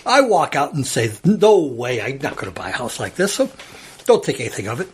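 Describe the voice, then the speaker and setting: A man's voice: medium pitch, fairly quick, a little hiss or hum. A man in his sixties, casually telling a long personal story at home and acting out the people he quotes. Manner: animated storyteller, acts out quoted voices. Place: old house at home.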